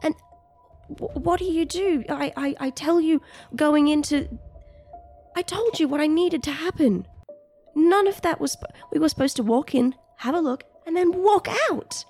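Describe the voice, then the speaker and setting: A woman's voice: high voice, moderate pace, a little mellow, soft background music, pitched above the performer's own voice. A woman playing a stammering worried mother. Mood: hurt, upset. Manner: stammering, repeating words. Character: worried mother in her 40s, earnest and protective. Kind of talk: tabletop role-play voicing.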